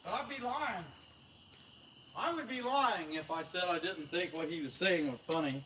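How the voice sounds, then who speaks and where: A folksy chainsaw carver from Appalachian Ohio's southeast livestreams from a rural carving spot, talking in a fairly high, expressive voice with a country twang at normal speed, joking and greeting viewers by name while he works, out of breath. Crickets and insects buzz faintly in the open air behind him amid background noise.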